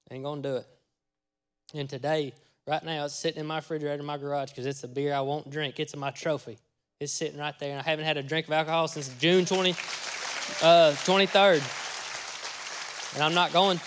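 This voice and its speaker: Guy preaching, folksy storytelling, kinda high voice, jumps loud when he acts stuff out. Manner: folksy storytelling, acting out his own lines with sudden loud bursts. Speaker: pastor. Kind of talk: testimony sermon.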